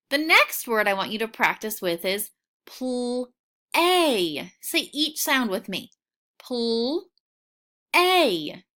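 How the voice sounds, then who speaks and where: A woman teaching a recorded phonics lesson for children, patient and encouraging, sounding out each word clearly. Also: a little high, pushed and bright. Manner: slow, clearly sounding out words.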